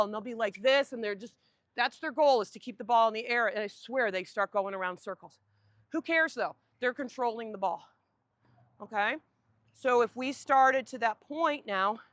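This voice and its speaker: A woman coaching a group on an outdoor tennis court, giving lively directions and asking the group questions. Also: on the high side, dry recording.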